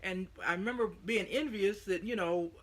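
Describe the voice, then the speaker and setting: A woman's voice: mid-range voice, normal speed, a bit bright. A middle-aged woman with a Southern US accent, chatting to camera in a folksy, rambling way on her own vlog. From United States. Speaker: vlogger. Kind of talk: casual chat to camera.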